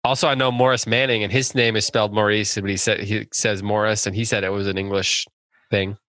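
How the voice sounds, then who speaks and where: Chatty man with a bright voice. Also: on the low side, brisk, no echo. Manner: relaxed, chatty, laughs easily. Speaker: podcast co-host reading listener questions. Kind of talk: casual book-club chat.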